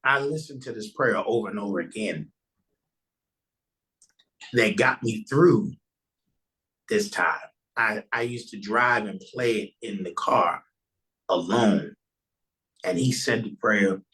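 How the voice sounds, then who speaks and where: A man's voice: lowish voice, takes it slowly, long pauses, a bit bright, rough recording. A man guesting on a podcast, earnestly telling a personal testimony in a loose, conversational way and often restarting his sentences.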